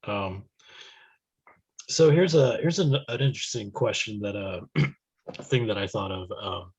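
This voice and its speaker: A young adult man co-hosting a podcast, laid-back and quick to laugh in casual chat. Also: fairly low pitch, breathy edge, rough recording. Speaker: podcast co-host.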